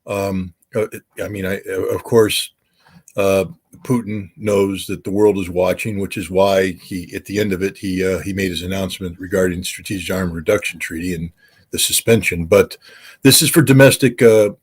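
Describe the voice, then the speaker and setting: A man's voice: deep voice, fairly even intonation, normal speed, husky. A man who used to be a weapons inspector, talking as an interview guest in an emphatic way, with many uh and um fillers. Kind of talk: casual interview talk.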